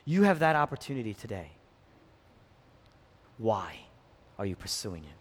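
A pastor preaching a sermon, impassioned, swinging between hushed and loud delivery. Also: male voice, lowish voice, very animated, a little slow, slight background noise. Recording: long reverb of a large hall.

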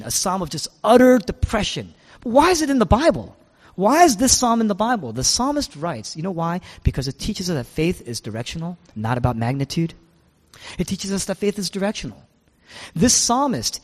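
A man's voice: a little high, long reverb tail. A male pastor preaching a sermon, asking rhetorical questions and repeating his key phrases.

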